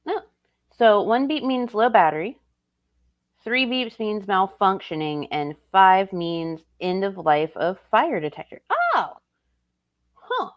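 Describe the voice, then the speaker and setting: A woman's voice: mid-range voice, a little slow, dull audio. A woman streamer reacting to a video in casual, blunt and profane commentary. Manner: blunt and profane, laughs often.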